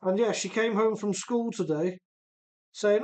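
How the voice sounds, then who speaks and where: A man's voice: sits high, normal speed, darkish tone. Casual streamer host, male, Midlands-Welsh blend of accent, easygoing chat read straight off the comments. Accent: mix of English Midlands and Welsh. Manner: chatty, reads viewer comments aloud while rebuilding an RC car. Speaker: livestream host.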